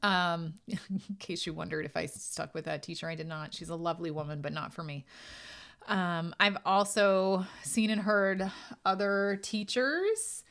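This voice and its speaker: A woman medium talks through her own podcast in a frank, casual way. Her voice sits a little low. She tells stories and acts out quoted asides. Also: measured pace. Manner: candid, animated storytelling with quoted asides. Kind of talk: casual solo podcast talk.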